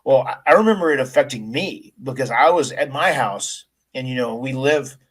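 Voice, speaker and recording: A man's voice: medium pitch, animated, normal speed, fairly bright tone, husky, poor audio. A man answering interview questions, telling a personal story earnestly, with frequent restarts and quoted dialogue. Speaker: wrestler telling his story.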